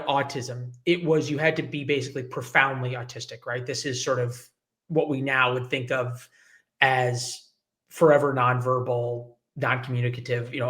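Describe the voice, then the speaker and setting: Speaking in a medium-pitched, slightly bright voice, a U.S. man in his 40s recounts his life as a journalist guest in an interview. He performs the voices of the people he quotes.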